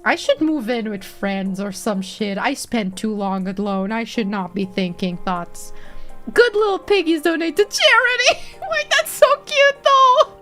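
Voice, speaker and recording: A woman's voice: medium pitch, sing-song, a little slow, hardly any pauses, sharp tone, soft background music. A woman streaming live and chatting casually with viewers; she giggles constantly and swears freely.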